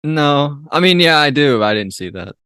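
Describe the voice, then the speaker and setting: A man in relaxed conversation on a film podcast, retelling movie scenes with an easy laugh. His pitch moves about freely, and the recording is dry and close to the mic. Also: normal speed, smooth, dry recording. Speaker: podcast co-host. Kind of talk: casual film review chat.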